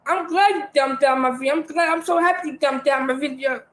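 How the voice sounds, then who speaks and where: A woman's voice: high-pitched, brisk, a bit bright, poor audio. A woman ranting on a livestream, defiant and repeating herself. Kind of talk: livestream rant.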